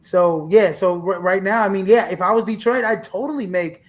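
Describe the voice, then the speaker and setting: A man's voice: sits high, normal speed. A man co-hosting a sports podcast, talking casually and animatedly with lots of fillers and restarts. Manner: animated, talks over others, many fillers and restarts. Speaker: podcast co-host.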